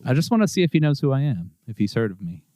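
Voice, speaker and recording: A man's voice: medium pitch, big pitch swings, rapid-fire, mellow, no echo. A man as a player in a tabletop game, asking eager questions about the rules. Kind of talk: casual tabletop game chat.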